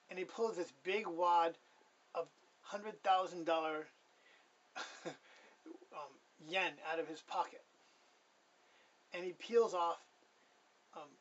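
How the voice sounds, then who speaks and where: A man's voice: on the high side, fairly bright tone, recorded from a distance, dull audio. A man telling his personal testimony in a casual, rambling way. He corrects himself often and chuckles as he goes.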